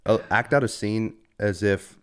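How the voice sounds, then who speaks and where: A man's voice: on the low side, fairly even intonation, unhurried, fairly bright tone, clear, resonant tone. A young man hosting a podcast, casually teasing and questioning his friend. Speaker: podcast host. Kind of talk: casual chat.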